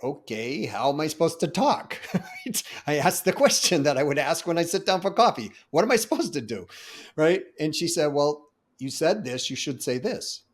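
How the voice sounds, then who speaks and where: A man hosting a sales conversation, telling a story with quoted dialogue and drawing a lesson from it. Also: a little high. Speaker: sales podcast host. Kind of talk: conversational interview.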